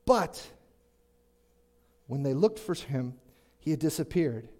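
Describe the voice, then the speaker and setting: A man's voice: fairly high pitch, expressive, slow, darkish tone. A man preaching a conversational sermon, chatty and joking, asking the congregation questions. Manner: chatty, asks the congregation questions, jokes in asides.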